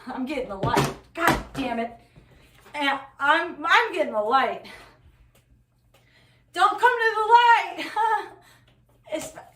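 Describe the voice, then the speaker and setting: A woman with a high voice tells corny one-liners on a live comedy stage, tossing apologies between jokes as she hula hoops. She speaks slowly and stands well back from the mic in an echoey room. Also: fairly bright tone, recorded from a distance. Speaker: stand-up comic. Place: live comedy telethon venue.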